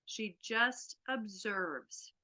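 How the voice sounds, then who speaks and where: A woman hosting an online workshop, telling a family story in a lively way over a video call. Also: mid-range voice, extremely slow. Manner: animated, acts out a child's panic. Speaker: workshop host.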